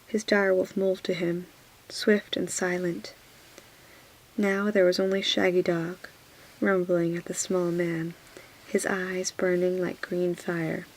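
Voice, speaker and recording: A woman reading a fantasy novel aloud in a soft whispered role-play, hushed and gentle. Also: fairly low pitch, little pitch movement, slow pace, a little hiss or hum, low-quality recording. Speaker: audiobook reader.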